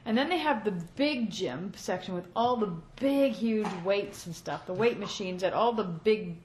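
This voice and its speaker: A woman's voice: mid-range voice, normal speed, darkish tone, slight background noise, low-quality recording. A woman hosting a podcast in casual, chatty talk from a small home office studio. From Canada. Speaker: podcast host.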